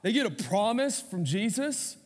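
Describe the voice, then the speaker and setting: Пастор-мужчина с высоким голосом в гулком зале. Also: male voice, high-pitched, very animated, a little slow. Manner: conversational preaching with audience call-outs. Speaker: pastor. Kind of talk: sermon. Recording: reverberant hall.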